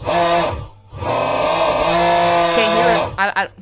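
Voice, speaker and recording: Guy ranting on stream into a headset, goes from mumbling to yelling, super animated. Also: high voice, a little slow, long pauses. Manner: exasperated, swings from mumbling to shouting. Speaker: livestreamer. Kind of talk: livestream rant.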